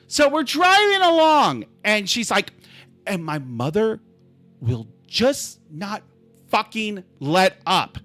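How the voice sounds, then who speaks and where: A man hosting a live stream, telling a story in an animated, exasperated way, swinging from calm to yelling. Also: high-pitched, slow, dry recording, faint music behind.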